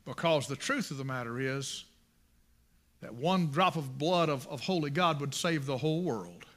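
High bright-voiced impassioned preacher man. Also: expressive, normal speed. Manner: impassioned and emphatic, repeating phrases. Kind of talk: sermon.

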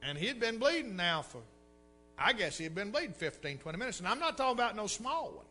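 A man with a drawl preaches from the pulpit, spinning a homespun story with a high, bright voice that rises and dips in lively swings. Soft guitar plays faintly behind him. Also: fast talker. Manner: folksy, animated storytelling with repeated words. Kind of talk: sermon storytelling.

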